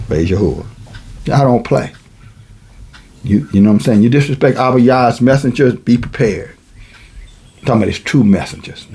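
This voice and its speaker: A man's voice: fairly low pitch, normal speed, a little mellow, slightly rough. A man preaching a sermon, mixing casual asides and chuckles with emphatic, rising passages.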